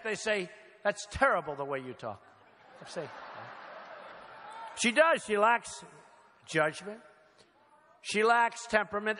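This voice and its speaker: An older man, a political candidate, gives a campaign rally speech from a podium microphone in a large hall with a crowd present. His high-pitched, bright, forceful voice comes in short punchy phrases, emphatic and repetitive. The recording carries long hall reverb and faint noise.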